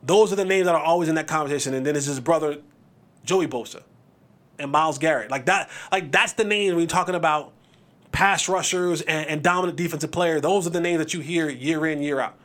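A man's voice: on the high side, fairly quick, a bit bright. A man hosting a podcast, giving passionate sports commentary in a casual rant, often restarting his words. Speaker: podcast host.

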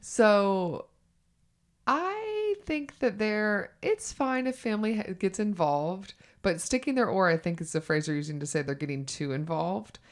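A woman's voice: mid-range voice, lively intonation, measured pace. A woman co-hosting a casual podcast chat, frank and chatty, who swears casually. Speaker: co-host.

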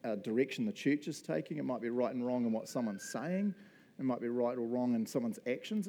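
A man's voice: medium pitch, dark tone. Laid-back chatty male pastor. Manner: chatty, laughs often, quick asides. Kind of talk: casual conversational sermon. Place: church service.

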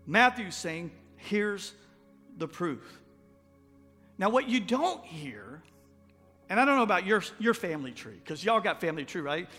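A Texan pastor with a high, bright, forceful voice delivers a folksy, joking sermon in a conversational way. His words ring out with a long reverb through a church sanctuary, with faint music underneath. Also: expressive, moderate pace. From Texas.

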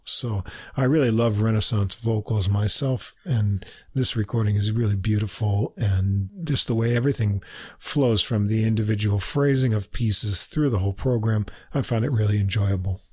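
A man co-hosting a casual music podcast, agreeable and quick to chime in. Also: fairly low pitch, a little mellow, breathy edge, dry recording, studio quality. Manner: agreeable, brief affirmations. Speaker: podcast co-host. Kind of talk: casual chat about classical recordings.

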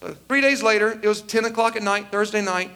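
In a storytelling sermon, a pastor in his forties recounts a personal story and lively voices the people in it. His voice is high and bright the whole way through, with a brisk, clean tone.

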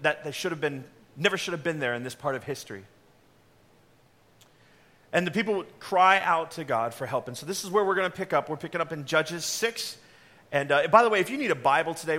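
A man delivers a sermon with earnest directness, now and then slipping into an offhand aside. His voice sits high for a man and rings bright and forceful. He speaks plainly to the people in front of him. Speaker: pastor.

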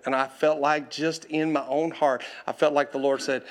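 A man preaching a sermon as a personal story, animated and laughing, often calling out to the congregation. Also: on the high side, moderate pace, few pauses.

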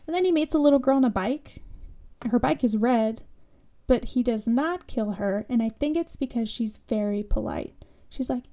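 A woman's voice: fairly high pitch, moderate pace, dark tone. A woman co-hosting a podcast, casually and sarcastically recapping a horror movie with lots of fillers. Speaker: podcast co-host.

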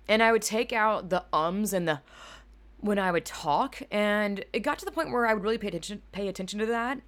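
A young woman hosting a casual solo podcast from home, rambling through animated asides and swearing freely. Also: on the low side. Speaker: podcast host. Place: home room at a computer. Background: keyboard clacking.

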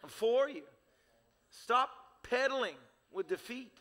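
In a church sanctuary, a male pastor preaches fervently with rhythmic, repeated phrases. His voice is very high, animated and sharp, delivered slowly, with reverberant hall acoustics.

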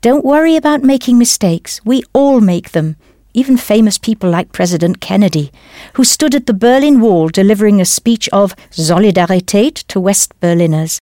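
Brief: woman language teacher, animated, encouraging delivery, dry studio sound. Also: medium pitch, normal speed, dry recording. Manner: encouraging, praises answers. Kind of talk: scripted audio lesson narration.

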